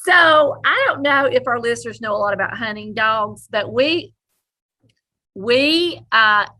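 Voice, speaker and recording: A woman co-hosting a podcast, telling a story in animated casual chat and laughing often. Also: fairly high pitch, measured pace. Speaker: podcast co-host.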